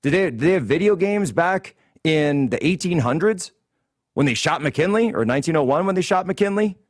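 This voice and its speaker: A man's voice: fairly high pitch, lively intonation, moderate pace, no room sound, clean studio sound. A man hosting a political commentary show, ranting in a combative, indignant way. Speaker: host.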